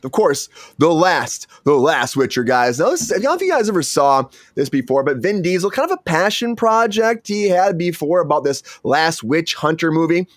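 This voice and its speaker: A man hosting a casual entertainment news chat, excitable and rambling with frequent restarts. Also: a little high, moderate pace, hardly any pauses, no echo, studio quality. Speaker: host.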